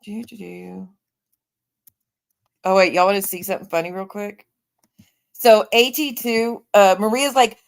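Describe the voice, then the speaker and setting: A woman's voice: mid-range voice, normal speed. A woman in her forties chatting casually on her livestream, reading viewer comments aloud and talking back to them. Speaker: livestream host.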